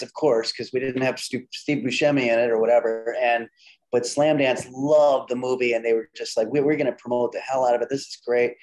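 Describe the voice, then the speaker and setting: A middle-aged man speaking at an ordinary, mid-range pitch, with the easy flow of a guest telling stories in an interview. He recounts anecdotes with animated quoted dialogue and often backs up to restart his sentences. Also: poor audio. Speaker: interview guest, comedian and filmmaker. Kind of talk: casual conversational storytelling.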